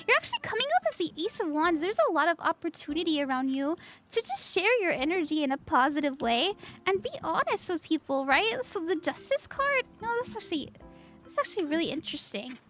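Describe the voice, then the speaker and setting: A woman's voice: very high-pitched, a bit bright. A woman streaming a casual tarot reading, chatty and giggly as she reads out chat messages.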